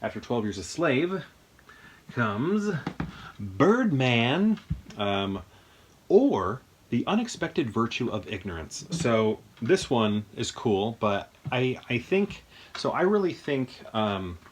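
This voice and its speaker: A man's voice: medium pitch, big pitch swings, takes it slowly, breathy edge. A man in a home movie room, chatting casually and enthusiastically, thinking aloud as he rambles through his collection. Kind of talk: casual chat.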